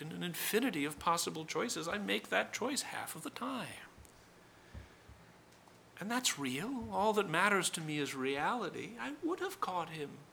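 A man's voice: a little high, vocal fry, pushed and bright, slight background noise, exaggerated voice. A man performing a dramatic first-person monologue as a proud, bitter male spirit of accusation, scornful and declamatory.

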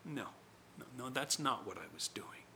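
A man's voice: mid-range voice, lively intonation, normal speed, bright, forceful tone, a little hiss or hum. A man performing a dramatic first-person monologue as a proud, bitter male spirit of accusation, scornful and declamatory. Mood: indignant.

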